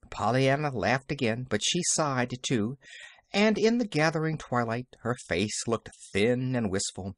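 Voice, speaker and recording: A male audiobook narrator reads a novel aloud, telling the story expressively. His mid-range voice is animated and a little slow, in a dry, studio-quality recording.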